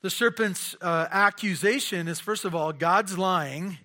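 A man's voice: high-pitched, measured pace, bright, forceful tone. A man preaching a conversational sermon, asking rhetorical questions and often repeating his words.

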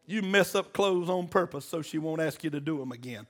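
A man delivers a sermon. His voice sits high for a man, and he calls out to the congregation for answers and jokes with them in a homespun way. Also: a little fast, few pauses. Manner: call-and-response exhorting, folksy and joking. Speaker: preacher.

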